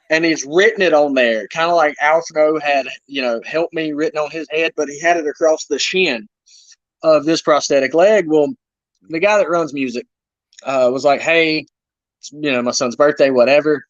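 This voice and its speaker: A man being interviewed, telling animated wrestling-road stories in casual chat with playful humor. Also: on the high side, moderate pace, no room sound. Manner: animated storyteller, self-deprecating humor. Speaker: wrestler guest. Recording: dull lo-fi dry sound.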